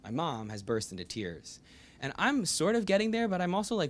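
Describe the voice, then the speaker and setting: A young American man, an author, telling a personal story to a live audience in a bookstore with lively, animated delivery. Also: on the high side, brisk. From United States. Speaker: author giving a book talk. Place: bookstore event room.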